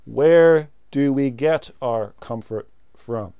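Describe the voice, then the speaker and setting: A man preaching a sermon, slow and emphatic, pressing key words and letting phrases fall away softly. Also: medium pitch, clean tone, no room sound, highs cut off.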